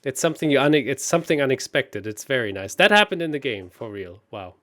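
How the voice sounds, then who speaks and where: A man working through chess puzzles aloud as a guest, hesitant and quick to laugh at his own mistakes. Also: medium pitch, lively intonation, fairly bright tone. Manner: calculates aloud, hesitant and self-deprecating. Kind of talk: thinking aloud while solving puzzles.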